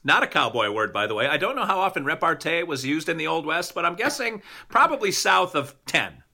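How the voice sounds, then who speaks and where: Gravelly, animated comedic man. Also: a little high, fairly quick. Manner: playful, exaggerated and mock-indignant. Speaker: podcast co-host. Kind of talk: comedic debate banter.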